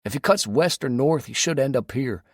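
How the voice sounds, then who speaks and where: A man voicing an eager young male raider scout who calls in over a radio with quick, keyed-up replies. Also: medium pitch, animated, no echo, studio quality, pitched above the performer's own voice. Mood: alert.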